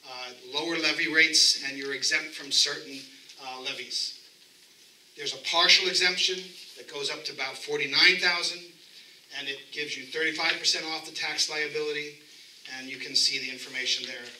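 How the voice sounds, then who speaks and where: A man with a New York accent, a representative of the county assessor's office, giving a brisk, matter-of-fact presentation at a town hall meeting. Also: on the high side, steady tone, sharp tone, slight background noise. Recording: echoey room, mic from a distance.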